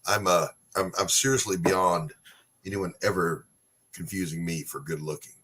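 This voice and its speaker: A middle-aged man hosts a casual podcast chat in a very low, husky voice. He rambles, jokes at his own expense and keeps the talk loose. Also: fairly even intonation, moderate pace, a bit bright. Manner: rambling, self-deprecating, joking. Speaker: podcast host.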